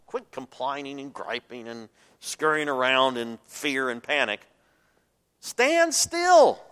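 A man preaching a sermon, swinging between loud emphatic bursts and soft asides, and asking his listeners to fill in the words. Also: mid-range voice, smooth. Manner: asks the congregation fill-in questions. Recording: long hall reverb.

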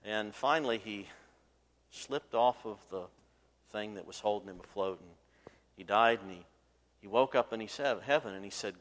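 A man's voice: lowish voice, normal speed, a bit bright. A man preaching a sermon from the pulpit, telling a story and acting out its voices with rising force. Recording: long hall reverb.

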